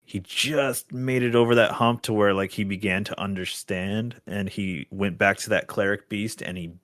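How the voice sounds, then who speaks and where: A man co-hosting a casual video game podcast, telling a story with lively quoted voices. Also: on the low side, moderate pace, dry recording, clean studio sound. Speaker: podcast co-host. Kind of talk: casual chat.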